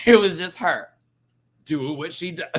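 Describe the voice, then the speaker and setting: Campy, animated man chatting live. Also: on the high side, slow. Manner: animated and campy, mimics people, reads chat aloud. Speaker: live-stream show host. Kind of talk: casual live-stream reaction chat.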